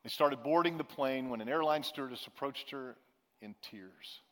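A man preaching a sermon as pastor, telling a story in a relaxed, conversational way with emphatic repetition. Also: mid-range voice, normal speed, long reverb tail.

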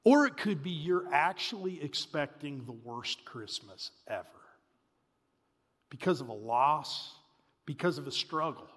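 A man in his forties preaching a sermon, telling a family story in an animated way that swings between loud bursts and hushed asides. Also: a little high, a little slow, slightly rough. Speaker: pastor. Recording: reverberant hall.

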